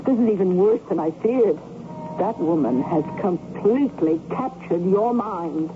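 A woman's voice: lowish voice, lively intonation, unhurried, over music. Brief: smothering older mother, 1970s radio play, fussy and anxious. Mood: fretful. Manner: fretful and clingy. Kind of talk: 1970s radio drama acting. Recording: tinny old radio broadcast with hiss.

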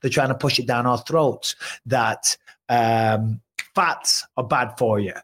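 A man's voice: medium pitch, takes it slowly, a bit bright. A man hosting a podcast in casual chat, emphatic and full of tag questions. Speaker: podcast host.

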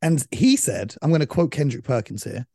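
A man hosting a casual sports chat, animated and laughing as he rattles off stats. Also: mid-range voice, brisk, no room sound, studio quality. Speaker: podcast host.

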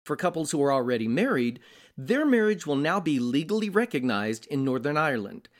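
A male news anchor reading scripted headlines in a steady, measured way. His voice sits a little high for a man and moves up and down a lot as he reads. He keeps an even, practiced pace through each story.

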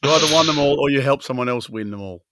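A man's voice: medium pitch, quick pace, background noise. A man with an Australian and British accent, co-hosting a podcast as a joking storyteller. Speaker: podcast co-host. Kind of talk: casual podcast chat.

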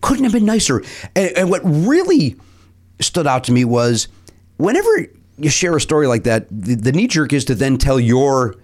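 Animated man telling a story. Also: medium pitch, moderate pace. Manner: animated, acts out other people's lines. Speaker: podcast host. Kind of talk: casual storytelling chat.

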